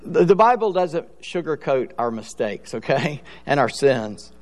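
Male preacher with a high voice, casual and slangy in delivery, recorded in a hall with a long echo. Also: very animated, a little slow. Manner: conversational preaching, acts out Bible scenes in slangy voices. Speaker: pastor. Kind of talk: sermon.

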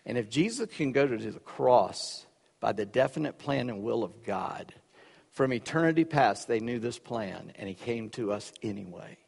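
Preacher in a reverberant hall. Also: male voice, mid-range voice, animated, moderate pace, vocal fry, a little mellow, breathy edge. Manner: conversational, storytelling with asides and self-corrections. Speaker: pastor. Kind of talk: sermon.

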